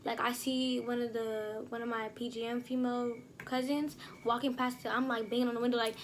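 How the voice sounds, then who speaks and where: A young woman telling a storytime vlog in a lively, slangy way, acting out scenes with sound effects. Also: a little high, brisk, slight background noise. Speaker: vlogger.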